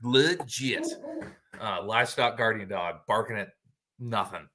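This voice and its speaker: A man's voice: medium pitch, moderate pace, sharp tone. A man co-hosting a casual farm podcast, joking and laid-back, swearing casually. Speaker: podcast co-host, butcher. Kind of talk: casual chat.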